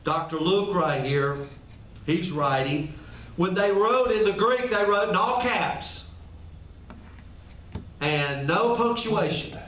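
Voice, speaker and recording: A man's voice: sits high, animated, slow pace, long pauses, fairly bright tone. Male pastor, emphatic sermon delivery, echoey room recording. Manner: emphatic, repeats rhetorical questions. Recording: echoey room, mic at a distance.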